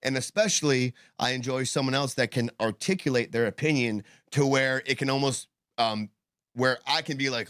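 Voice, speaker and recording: A man co-hosts a casual podcast discussion, rambling and swearing with lots of fillers and restarts while talking with tobacco in his mouth. His voice is medium-pitched, fairly quick and a bit bright, recorded in a clean studio with no echo.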